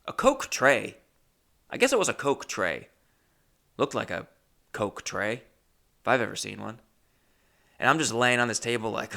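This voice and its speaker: Role: comedian telling a comedy story. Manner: animated and profane. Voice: a gravelly male voice with a bright, forceful edge and mid-range pitch. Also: a little slow, long pauses.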